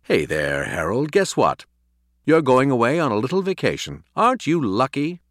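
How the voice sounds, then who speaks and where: Man playing a cheerful coaxing dad, lively ups and downs, dry sound. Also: low-pitched, normal speed, no echo, heavily acted. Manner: upbeat and coaxing. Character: cheerful, coaxing family father.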